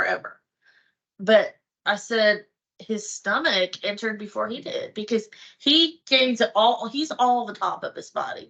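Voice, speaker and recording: Chatty, bright-voiced woman. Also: mid-range voice, vocal fry. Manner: chatty storyteller, acts out her own thoughts. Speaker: host's wife, guest. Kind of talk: casual chat.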